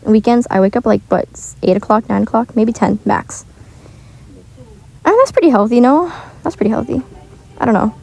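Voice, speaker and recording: A woman's voice: on the high side, lively intonation, moderate pace, gravelly, pauses often, a little mellow, poor audio. A teenage girl chatting casually while gaming, rambling with lots of filler words, recorded on earbuds in a shared bedroom. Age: teens. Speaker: gaming vlogger. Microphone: wireless earbuds.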